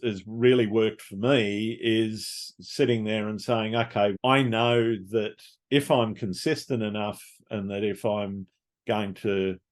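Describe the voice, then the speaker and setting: A man hosting a casual podcast interview, talking in a reflective, measured way. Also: lowish voice, steady tone. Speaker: podcast host.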